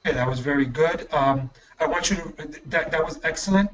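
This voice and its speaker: A male English teacher running an online class, patient and encouraging, correcting pronunciation slowly. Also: on the high side, distant mic, muffled recording.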